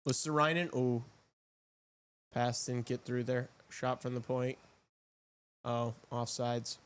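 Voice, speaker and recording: A man co-hosting a casual hockey chat, reacting quickly to live game action in excitable, slangy talk. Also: medium pitch, clean tone. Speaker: co-host.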